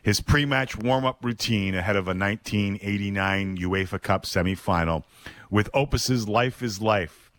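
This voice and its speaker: A man hosting a podcast, telling a story in a measured, reflective scripted narration with dramatic pauses. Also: lowish voice, fairly bright tone, no room sound. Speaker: podcast host.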